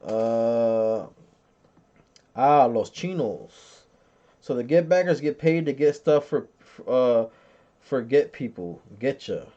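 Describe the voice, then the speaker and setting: A man's voice: medium pitch, expressive, slow, dark tone. A man in his thirties hosting a podcast, chatting casually, joking and swearing as he reads chat comments and tells stories. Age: 30s. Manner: profane, joking storyteller who laughs often. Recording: dull lo-fi sound.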